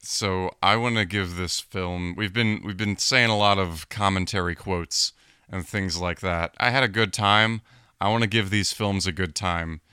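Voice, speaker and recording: A man's voice: low voice, measured pace, sharp tone, clear, resonant tone, no echo, clean studio sound. A young man co-hosting a casual film podcast in a laid-back, easygoing way. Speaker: podcast co-host.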